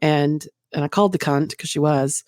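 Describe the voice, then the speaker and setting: A woman's voice: deep voice, steady tone, normal speed, a little mellow, no room sound, clean studio sound. A woman guest in casual podcast chat, talking frankly and candidly in a rambling way about her past phone work. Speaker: guest, former phone sex operator.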